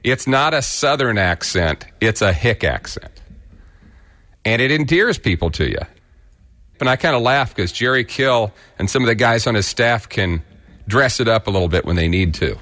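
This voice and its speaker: A man's voice: medium pitch, animated, moderate pace, sharp tone. A man from Kansas with a rural Kansas accent, giving blunt, folksy opinion commentary as a radio host.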